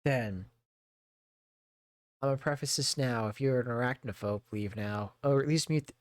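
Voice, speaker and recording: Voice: medium pitch, moderate pace, dry recording. A streamer reading a book aloud to their chat, reading steadily but stumbling over words and breaking off for playful asides. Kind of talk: casual read-aloud storytelling with chatty asides. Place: home streaming setup.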